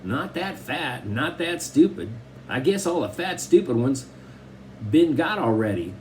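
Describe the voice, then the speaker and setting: A man's voice: fairly high pitch, very animated, measured pace, a little hiss or hum. A man voicing a chatty Southern country boy. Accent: Southern US, Arkansas. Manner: drawling, talkative, easygoing. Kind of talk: audiobook character voice.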